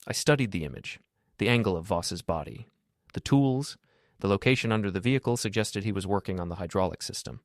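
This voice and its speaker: A man narrating a dramatic first-person story in a steady, solemn way. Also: fairly low pitch, a little fast, no echo, studio quality.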